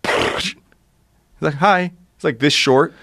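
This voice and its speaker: A man in his forties from the United States, a podcast guest telling a wild story, animated, profane, full of laughs and restarts. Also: lowish voice, moderate pace, noisy background. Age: 40s. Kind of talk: storytelling anecdote in casual chat.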